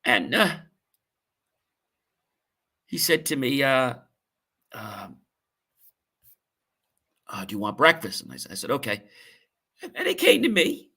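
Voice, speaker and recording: A man hosting a podcast, telling a painful personal story in an earnest, emotional, halting way with many fillers. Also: mid-range voice, wildly swooping pitch, pushed and bright, husky. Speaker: podcast host.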